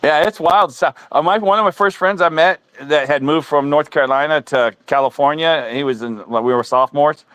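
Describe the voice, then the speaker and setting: Middle-aged male host, a bit high-pitched, anecdotal chat style, dry close mic. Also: a little fast, hardly any pauses, a bit bright, smooth, dry recording. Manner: storytelling, chuckles at own jokes. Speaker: stream host. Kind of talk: casual chat.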